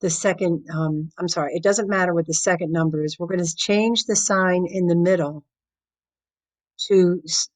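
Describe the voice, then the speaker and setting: A woman math teacher explaining a lesson step by step, patiently counting out loud and using playful everyday examples. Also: lowish voice, steady tone, normal speed, rough recording.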